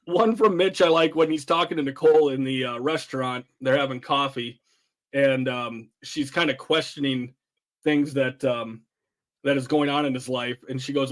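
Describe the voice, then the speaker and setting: A man's voice: medium pitch, moderate pace. A man co-hosting a podcast, casually retelling favorite film lines with laughs and lots of fillers. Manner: rambling, laughs while retelling quotes. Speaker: podcast co-host. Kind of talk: casual chat about a film.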